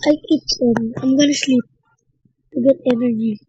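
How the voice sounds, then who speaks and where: High-voiced playful woman streamer. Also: steady tone, normal speed, mellow, breathy edge, no echo. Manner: chatty, talks to viewers as "guys". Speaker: gameplay streamer. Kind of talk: casual gameplay commentary. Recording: dull lo-fi sound.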